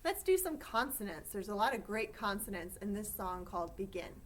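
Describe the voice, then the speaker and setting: A woman teaching a choir, giving calm, step-by-step instructions for breathing and vocal warm-ups. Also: mid-range voice, fairly quick, slight background noise.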